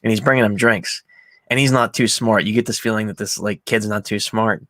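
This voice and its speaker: A young man hosting a casual film podcast, telling stories with animated energy and casual swearing. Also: lowish voice, fairly quick, no echo. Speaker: podcast host.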